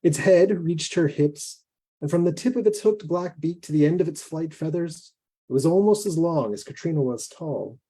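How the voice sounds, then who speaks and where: A man, a guest author, reading his own fiction aloud in a measured, deliberate way. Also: fairly high pitch, lively intonation, mellow, husky.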